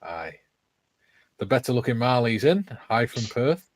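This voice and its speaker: A man hosting a relaxed live stream, reading out viewer comments with a ready chuckle. His pitch swings around animatedly, and the sound is dry and close, with no room around it. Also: unhurried, dry recording. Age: older. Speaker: host. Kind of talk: casual live-stream chat.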